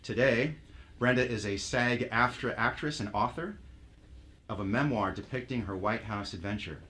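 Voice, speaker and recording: A man's voice: mid-range voice, moderate pace, sharp tone. A man hosting a veterans' theater night, casual and teasing as he introduces performers. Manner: joking, teasing, emotional. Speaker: host. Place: theater stage with a live audience.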